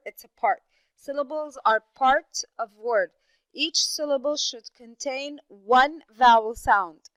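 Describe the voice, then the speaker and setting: A woman's voice: a little high, a bit bright, clear, resonant tone, dry recording, poor audio. A woman teaching an English lesson, patiently asking questions and praising students. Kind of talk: recorded classroom lesson.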